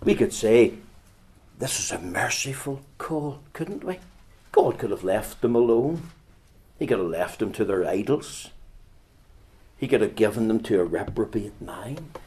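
A man preaching a sermon, swinging between quiet, slow passages and loud, urgent bursts, often repeating words as he goes. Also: fairly low pitch, lively intonation.

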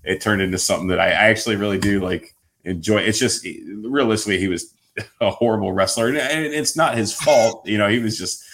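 A man co-hosting a podcast, talking loosely with laughs and asides. His voice sits very low with a gravelly edge. The delivery is casual and easygoing. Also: brisk, fairly bright tone.

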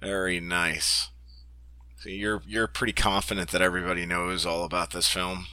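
Podcast guy chatting casually, laughs a lot, slightly low voice, dead dry recording. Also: little pitch movement, normal speed, pushed and bright, clear, resonant tone, no echo. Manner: enthusiastic, laughs often, repeats words. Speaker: podcast co-host.

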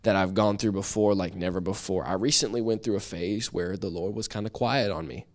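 A man teaching a church Bible study, conversational and lively, acting out little quoted voices as he explains. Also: low-pitched, a little fast.

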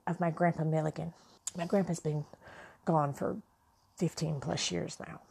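A woman's voice: sits low, gravelly, darkish tone, slightly rough. A woman vlogger telling a personal story in an earnest, heartfelt way, with restarts.

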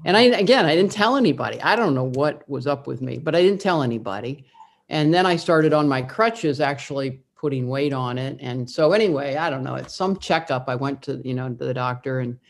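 A woman's voice: a bass voice, animated, a little fast. A woman from the Midwest tells a personal story as an interview guest. She speaks earnestly, often restarting sentences and using fillers along the way. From Midwest US, Indiana.

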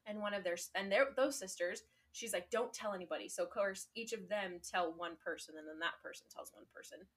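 A woman's voice: mid-range voice, brisk, few pauses, fairly bright tone. A young woman co-hosting a podcast, casually retelling a story with lots of "like" and fillers and frequent laughter. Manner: laughs often. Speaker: podcast co-host. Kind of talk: casual chat.

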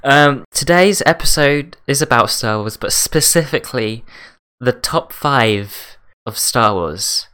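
A young man with an English accent hosts a relaxed podcast chat. His voice is smooth and clear, and he often stammers on the first word of a sentence. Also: medium pitch, takes it slowly. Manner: stammering, laughs easily. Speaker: podcast host. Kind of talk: casual chat.

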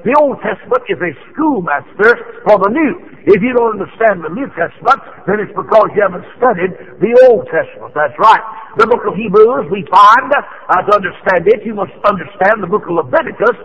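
Old preacher man, high bright voice, fervent, shouts a lot, lots of uh's, dull old tape sound. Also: lively intonation, brisk, few pauses. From Tennessee. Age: older. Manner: fervent, breaks into shouts, many "uh" fillers. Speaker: evangelist preacher. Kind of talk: revival sermon.

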